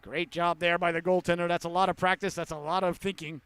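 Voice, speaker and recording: A man calling a youth hockey game play-by-play, with rapid calls that rise to excited shouts on goals. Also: high-pitched, clean tone, no echo. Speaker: play-by-play commentator.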